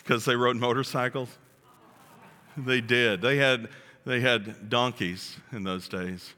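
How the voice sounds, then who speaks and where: A male pastor preaching a sermon in a joking, animated way, acting out the quotes he reads. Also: medium pitch, slow, long reverb tail. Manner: jokey, animated, acts out quotes.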